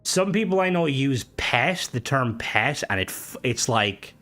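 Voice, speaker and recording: Young man, Irish accent, game streamer, casual chat, jokey, swears a lot, mid-pitched voice that jumps up when excited. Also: a little slow, soft background music. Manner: jokey and profane, voice jumping high when worked up. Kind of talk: casual live-stream chat, reading comments.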